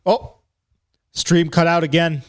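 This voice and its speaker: A man hosting a live commentary stream, chatting casually and talking to himself as he reacts, his voice going hoarse. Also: a little high, steady tone, takes it slowly.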